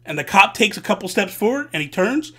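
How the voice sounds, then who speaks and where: A man hosting a vlog, telling a story in a casual, animated and profane way. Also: high-pitched, a little fast, very noisy. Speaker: host.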